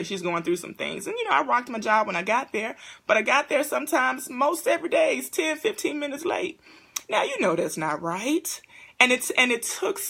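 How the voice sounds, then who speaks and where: A woman in her thirties hosting a casual live-stream chat for single parents, talking straight to viewers in an animated, preachy way. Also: medium pitch, gravelly.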